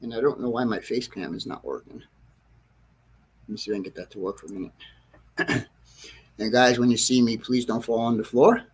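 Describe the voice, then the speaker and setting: A man hosting a casual livestream about his model railroad, rambling and correcting himself, clearing his throat often, frustrated with a problem. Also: mid-range voice, moderate pace, pauses often. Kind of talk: casual livestream chat to viewers. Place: train layout room at home.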